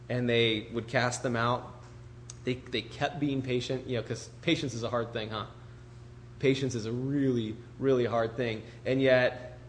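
Guy giving a sermon, mid pitched voice, talks casual with lots of questions to the crowd, faint noise behind. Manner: conversational, asks rhetorical questions. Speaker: pastor.

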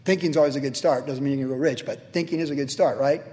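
A male pastor giving a verse-by-verse sermon in a conversational, animated way, often checking in with "right?". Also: medium pitch, fast. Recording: long hall reverb.

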